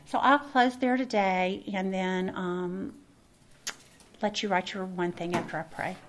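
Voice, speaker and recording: A woman's voice: medium pitch, fairly even intonation, a little slow. A middle-aged woman delivers a sermon in a folksy, conversational way. She addresses her listeners directly as she teaches. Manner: folksy, warm address to the room. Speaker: women's Bible teacher.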